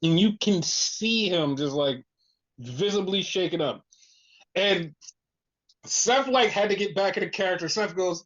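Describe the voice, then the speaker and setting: A podcast host retelling a wrestling show in casual chat, animated and full of fillers. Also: medium pitch, a little slow. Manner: animated storytelling, heavy use of "like". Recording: muffled lo-fi audio.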